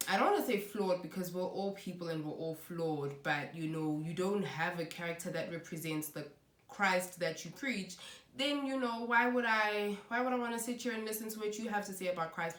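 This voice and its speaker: A woman's voice: on the low side, a bit bright. A woman giving an earnest, conversational faith talk to camera as a Christian vlogger, with many "you know"s. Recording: echoey room.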